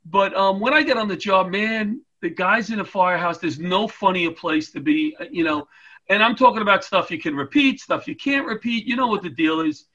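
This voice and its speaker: A man's voice: sits high, brisk, muffled recording. A middle-aged man, a retired firefighter and comedian, telling comic stories as an interview guest over a video call. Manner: animated, comic, acts out voices in anecdotes. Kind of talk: storytelling interview chat.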